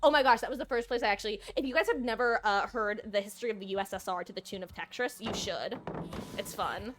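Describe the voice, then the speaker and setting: A young woman chats loosely while she plays a game, drifting between stories and laughs, plainly short on sleep. Her voice sits in a middle pitch, with a faint hum in the background. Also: fast, fairly bright tone. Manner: rambling, giggly, self-deprecating. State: sleep-deprived, yawning. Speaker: streamer. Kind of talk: casual gaming stream chat.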